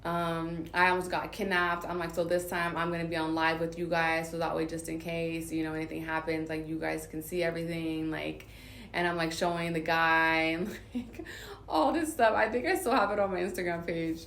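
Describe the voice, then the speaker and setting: This Southern California vlogger has a low-pitched, fairly bright voice and a flat delivery, talking fairly quickly. She rambles through a personal story stuffed with fillers, recorded in a roomy, echoey space with slight background noise.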